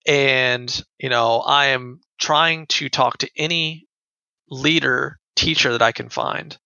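Gravelly young man, dull dry audio. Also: medium pitch, slow pace, pushed and bright, dry recording. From United States. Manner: earnest, repeats words when upset. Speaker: guest telling a personal story. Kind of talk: conversational storytelling.

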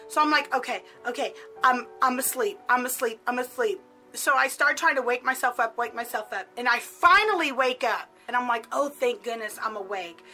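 A woman's voice: on the high side, bright, forceful tone, low-quality recording. A middle-aged woman casually telling a personal story, chatty and full of filler words. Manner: chatty, peppered with "like".

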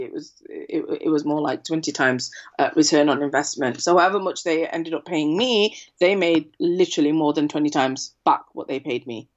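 In a lo-fi recording, a woman with a lowish voice guests on a casual interview as a copywriter. She's an animated storyteller who keeps adding "right?" to her remarks.

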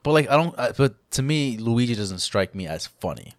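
A man's voice: medium pitch, big pitch swings, normal speed, no room sound, studio quality. A man co-hosting a casual gaming podcast, laid-back and curious. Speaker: podcast co-host. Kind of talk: casual gaming news chat.

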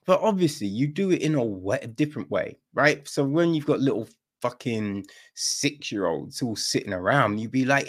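A man holds forth on a podcast in loose, opinionated chat, his voice swooping up and down as he goes. He swears often and slips into quick acted-out exchanges to make his points. His voice sits at an ordinary middle pitch. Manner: animated, profane, acts out little dialogues. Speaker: podcast co-host.

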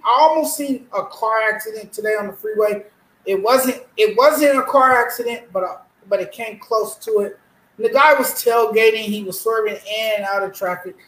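A man's voice: very high voice, a bit bright. A man co-hosting a casual sports talk show, earnest and emotional, often repeating himself. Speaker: co-host. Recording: roomy echo.

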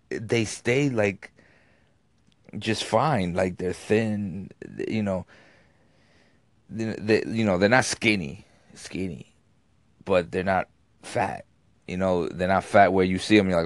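A man's voice: deep voice, a little slow, darkish tone, dry recording. A man telling a rambling story to his channel, cursing freely, restarting his sentences and laughing at himself. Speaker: YouTube vlogger. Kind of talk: casual storytelling monologue.

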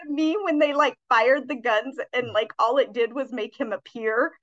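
High, bright-voiced chatty podcast woman. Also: moderate pace, dull audio. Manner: chatty and giggly, blunt opinions. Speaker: podcast co-host. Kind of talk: casual movie review chat.

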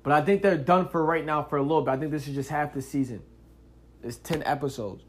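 A man hosting a casual solo podcast, telling stories in an animated, slangy way, cursing freely and filling his talk with "yo" and "like". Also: on the high side, fast. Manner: animated, slangy storytelling with frequent "yo" and "like"; curses freely. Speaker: podcast host.

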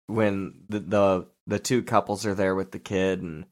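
A man's voice: low voice, fairly even intonation, unhurried. A man co-hosting a podcast, chatting casually and critically about a film with a wry, mocking edge. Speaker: podcast co-host. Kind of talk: casual movie review chat.

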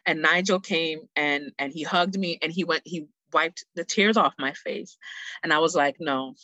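A middle-aged woman speaking as a guest, telling a personal story in an earnest, heartfelt, animated way. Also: low-pitched, moderate pace, no echo, poor audio.

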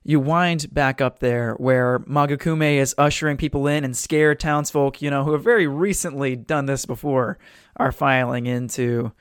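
A man's voice: medium pitch, fairly even intonation, moderate pace, hardly any pauses, smooth, dry recording. Male game master, casual rambling narration, dry home-mic sound. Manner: loose, hesitant narration with many fillers.

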